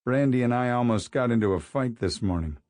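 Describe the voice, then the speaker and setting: A man's voice: medium pitch, lively intonation, brisk, a little mellow, dry recording, studio quality, natural voice. A man voicing a grumpy male teacher in a bad mood, muttering and irritable. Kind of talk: audiobook character voice.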